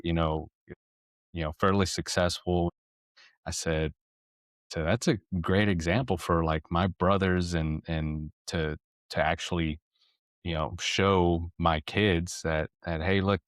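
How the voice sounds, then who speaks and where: A man with a deep, low voice tells a family story on a parenting podcast. He rambles and restarts often, and his tone turns reflective. The sound is dry and close, with no room around it. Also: no echo. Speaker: podcast co-host. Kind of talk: casual storytelling chat.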